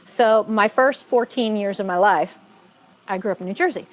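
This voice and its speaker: A woman's voice: mid-range voice, normal speed, poor audio. A woman from Massachusetts co-hosting a casual live-stream chat, rambling and laughing often.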